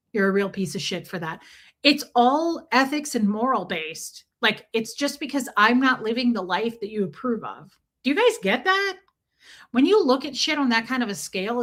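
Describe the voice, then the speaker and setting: A woman's voice: fairly high pitch, a bit bright. A woman hosting a casual livestream, rambling candidly, cursing freely and greeting viewers by name. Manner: reads out viewer names. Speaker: livestream host.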